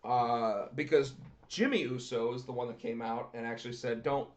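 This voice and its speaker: A man's voice: mid-range voice, fairly even intonation, normal speed. A man co-hosting a casual podcast, talking animatedly and acting out what others said. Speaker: podcast co-host. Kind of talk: casual wrestling chat. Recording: echoey room, dull lo-fi sound.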